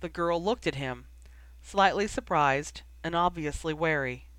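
A reader narrating fan fiction in a measured, steady way. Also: medium pitch, no room sound. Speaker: audiobook reader.

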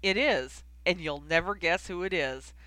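Excited young bloke as a narrator puts him on, pushy and loud. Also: medium pitch, moderate pace, no room sound, lightly acted. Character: excited young man, eager and cheeky.

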